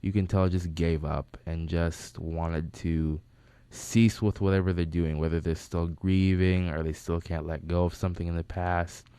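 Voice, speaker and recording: A man with a very low, smooth and resonant voice tells casual stories about a friend who has died. He rambles and restarts his sentences as he goes. The studio sound is dry and close. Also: steady tone, unhurried, dark tone, no room sound. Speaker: friend giving a tribute. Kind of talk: casual storytelling. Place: recording studio.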